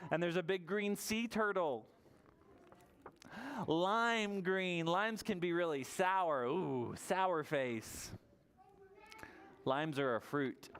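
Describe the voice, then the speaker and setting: A man leading a toddler story time at a library, animated and sing-song as he encourages the children. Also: fairly high pitch, slight background noise. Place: public library room.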